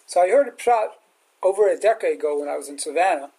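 Animated man telling a sermon story. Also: high voice, fast talker, slightly rough, low-quality recording. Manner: animated storyteller acting out quotes. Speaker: rabbi teacher.

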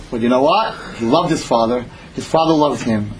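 A man telling a parable in an animated sermon style, repeating phrases as he goes. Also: medium pitch, moderate pace, slight background noise, low-quality recording. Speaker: storyteller. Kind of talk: storytelling sermon.

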